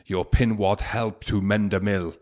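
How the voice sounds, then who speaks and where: A man putting on a broad, put-on Scottish accent to recite an old poem in a slow, theatrical, mock-solemn way. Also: lowish voice, steady tone, a little mellow, close to an everyday voice.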